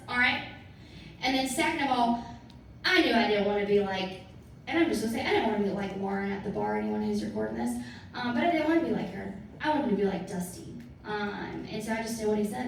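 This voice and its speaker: A woman gives a motivational talk to her team, pressing her points and repeating lines for emphasis. Her voice sits a little high and is picked up from a distance. The sound rings in a very echoey room with faint noise. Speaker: sales team partner speaking to her team. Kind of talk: motivational talk to a live audience.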